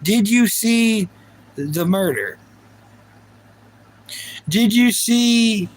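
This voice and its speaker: A man's voice: sits high, lively intonation, drawn-out words, rough recording. A young man hosting a livestream, chatting casually and playfully about anime and reacting to his viewers. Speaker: livestream host.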